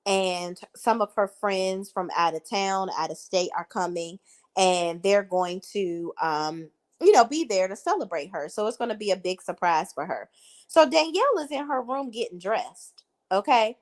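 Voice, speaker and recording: A woman's voice: medium pitch, animated, normal speed. A woman giving blunt, opinionated reality TV recap commentary as a vlogger.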